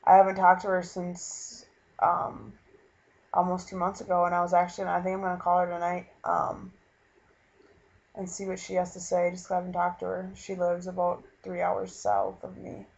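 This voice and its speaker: A young man from Minnesota talking earnestly in a casual vlog, halting and full of fillers as he retells a conversation. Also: high voice, fairly even intonation, vocal fry. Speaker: vlogger. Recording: dull lo-fi webcam recording.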